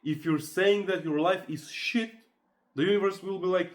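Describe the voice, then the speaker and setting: A man's voice: sits high, normal speed. A man speaking to camera in a casual, earnest motivational monologue, persuasive and loose with fillers. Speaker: motivational vlogger.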